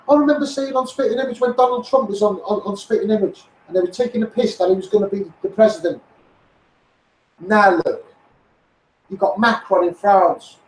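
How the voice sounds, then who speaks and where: A middle-aged man with a Liverpool accent and a high, strained voice delivers a furious street-campaigner rant. He swears freely and keeps hammering the same complaints. The sound is roomy and echoey. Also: slight background noise. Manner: blunt, sweary, heated and repetitive. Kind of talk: angry political rant.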